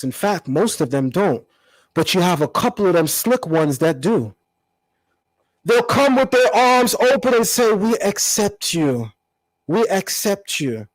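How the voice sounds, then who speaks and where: A man with a high, bright speaking voice, recorded dry and close to the mic. He answers a critic in a combative commentary, repeating his key words for emphasis. His tone stays lively and pointed. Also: moderate pace, no room sound, low-quality recording. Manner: animated, combative, emphatic repetition. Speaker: channel host. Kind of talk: confrontational commentary vlog.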